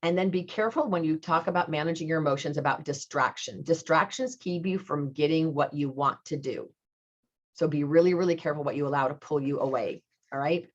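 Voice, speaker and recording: A middle-aged woman with a low voice gives her sales team an upbeat coaching talk and presses her points by repeating them. The recording sounds dull and lo-fi. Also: brisk. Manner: upbeat and coaching, repeats key phrases for emphasis.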